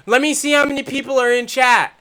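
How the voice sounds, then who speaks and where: A young man hosting a live stream, talking in a profane, rambling way that swings from loud angry ranting to low, muttered talk. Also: fairly even intonation, fast, smooth. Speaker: channel host.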